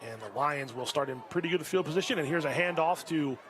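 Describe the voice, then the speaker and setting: A man calling a high school football game play by play, getting louder and higher on big plays. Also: fast talker, slight background noise. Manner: rises sharply in pitch and volume on big plays. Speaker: play-by-play announcer. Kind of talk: live sports commentary. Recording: crowd and music behind. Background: crowd and music.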